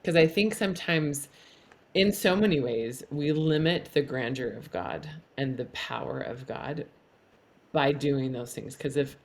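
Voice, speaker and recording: A middle-aged woman speaking as a podcast guest, earnest and animated, laughing at herself now and then. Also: a bass voice, a little slow. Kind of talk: candid conversational interview.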